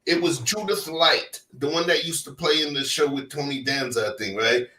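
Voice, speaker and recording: A man hosting a casual chat and telling stories in a loose, animated way. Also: on the high side, moderate pace. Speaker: host.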